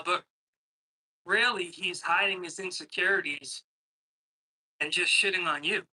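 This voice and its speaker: Middle-aged man, caller on a computer mic, rambling and hesitant, swears a lot, very bright and sharp tone. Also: fairly high pitch, unhurried, rough recording. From Boston, Massachusetts. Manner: rambling, hesitant, profane ranting. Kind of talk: casual call-in chat. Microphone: computer microphone.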